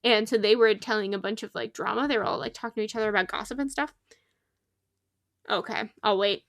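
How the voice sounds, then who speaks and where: A young woman chatting casually while streaming a game, bubbly, giggly and easily excited, talking to friends in the game. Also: medium pitch, a little fast, no room sound, clean studio sound. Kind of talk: casual gaming stream chat.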